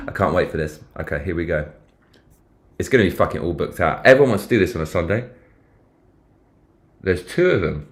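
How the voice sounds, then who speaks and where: A man's voice: low-pitched, a little fast, pauses often. A man with a British accent chatting casually on a live stream, swearing freely and reacting aloud as he reads. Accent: British English. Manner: swearing, excitable, reacting aloud while reading.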